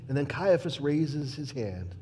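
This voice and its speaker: A man playing a troubled, proud Roman governor in a dramatic church monologue, emphatic and swinging between loud declarations and hushed asides. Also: on the high side, big-room sound, a little hiss or hum. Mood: exasperated. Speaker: character monologue performer.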